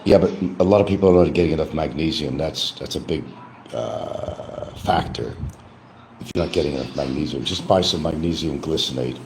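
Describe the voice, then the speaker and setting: A man's voice: extremely low pitch, moderate pace, a little mellow, slight background noise, poor audio. An older man hosting a livestream, talking in a casual, rambling monologue with many restarts. He keeps repeating a catchphrase in a mock sing-song lift. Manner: frequent restarts and trailing asides. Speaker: livestream host.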